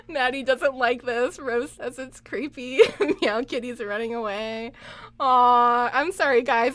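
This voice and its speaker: A woman's voice: fairly high pitch, takes it slowly, fairly bright tone. A young woman chatting casually on a live game stream, laughing a lot and reading viewer comments aloud. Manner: giggly, laughs often, reads chat aloud. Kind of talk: live gameplay stream chat.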